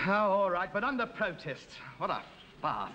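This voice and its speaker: A man's voice: sits high, very animated, a little slow, bright, forceful tone, full character voice. An actor playing an indignant, self-important man who blusters and huffs, in a 1950s radio comedy. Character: indignant, pompous man on a cruise. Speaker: comic lead. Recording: muffled old radio recording with hiss.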